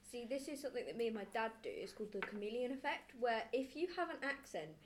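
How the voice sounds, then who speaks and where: A woman taking part as a student guest, answering in an animated way. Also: on the high side, fast, background noise.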